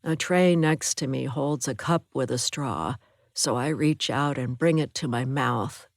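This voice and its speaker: Low-voiced woman narrating an audiobook. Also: dry recording, clean studio sound. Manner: measured, even storytelling. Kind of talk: scripted first-person narration.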